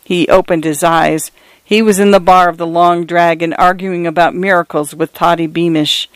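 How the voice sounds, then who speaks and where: A man narrating a story in a measured, deliberate manner. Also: high voice, clear, resonant tone, no room sound.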